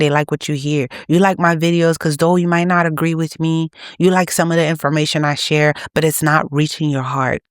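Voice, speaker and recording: A woman's voice: low-pitched, dry recording, clean studio sound. A woman preaching to her channel's viewers in an urgent, exhorting manner. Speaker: channel host. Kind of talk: preaching to camera.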